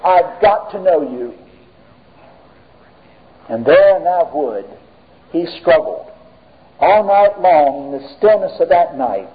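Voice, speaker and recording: Animated high-voiced preacher, tinny audio. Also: male voice, slow, long pauses. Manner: emphatic, dramatic swings between raised and hushed delivery. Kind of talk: sermon.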